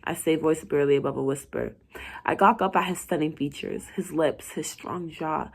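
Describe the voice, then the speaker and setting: A woman's voice: sits low, normal speed, slightly rough. A young woman casually reading her own story aloud, chatty and slangy and dropping into whispers at times. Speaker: story writer and reader.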